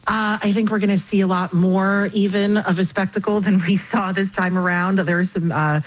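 A woman sports journalist answering interview questions in a measured way, with frequent fillers and hedges. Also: medium pitch, fairly even intonation, poor audio. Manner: measured, hedging with many fillers.

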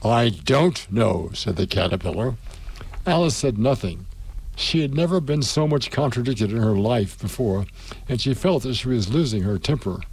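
A man narrating a storybook and hosting a radio show, slow and deliberate. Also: mid-range voice, animated, a little mellow, slightly rough.

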